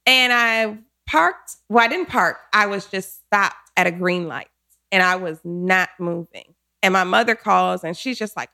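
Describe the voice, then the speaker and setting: A woman in her forties, a guest telling her career story in an interview, animated and quick to act out what people said. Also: medium pitch. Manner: animated, acts out quotes, laughs often.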